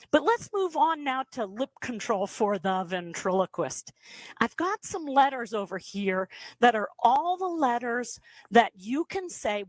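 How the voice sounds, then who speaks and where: Slow, patient woman teaching ventriloquism. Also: a little high, no echo. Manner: patient, step-by-step coaching with demonstrations. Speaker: ventriloquism instructor. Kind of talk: beginner workshop instruction.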